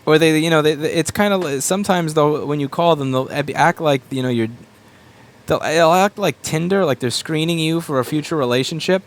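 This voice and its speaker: A man's voice: fairly high pitch, a little hiss or hum. A repair shop owner ranting bluntly and with plenty of swearing as he works at his bench. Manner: blunt and sweary, with quick mocking asides. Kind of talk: profane ranting while working.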